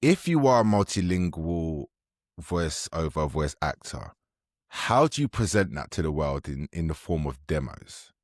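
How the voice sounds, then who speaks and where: Very deep-voiced man podcast host. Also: no echo, clean studio sound. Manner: relaxed, quick affirmations, lively questions. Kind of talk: casual podcast interview.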